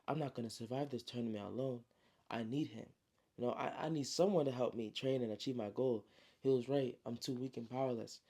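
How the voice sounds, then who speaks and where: A sullen teenage hero, blunt and easily irritated, voiced by a man. The voice stays close to the teller's own: gravelly and dark, with mid pitch. It sounds like a friend acting out a story. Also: fairly even intonation, a little fast, natural voice.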